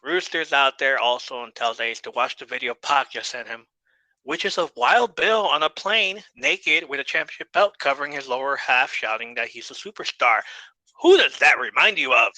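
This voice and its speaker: A man's voice: mid-range voice, expressive, moderate pace, bright, forceful tone, no room sound, poor audio. A man hosting a podcast, recapping an episode in a laid-back, casual way with loose swearing and frequent laughs. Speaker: podcast host.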